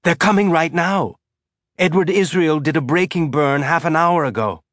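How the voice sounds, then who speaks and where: A man voicing a nervous, jittery young male messenger who talks in an anxious, hurried way. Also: a little high, fairly bright tone, dry recording, clean studio sound, voice pushed up, lightly acted.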